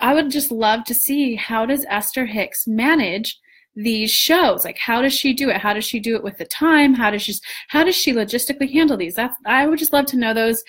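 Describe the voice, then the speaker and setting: A young woman coaching on manifesting, chatting casually in a live stream, animated with lots of restarts and the odd swear. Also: fairly high pitch. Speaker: law of attraction coach.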